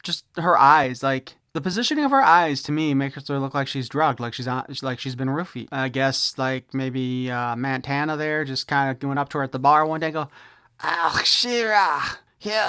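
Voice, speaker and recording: A man's voice: medium pitch, brisk, hardly any pauses, sharp tone, clean tone, dry recording, clean studio sound. A man giving a casual unboxing review of a toy, opinionated and wry, with jokes thrown in.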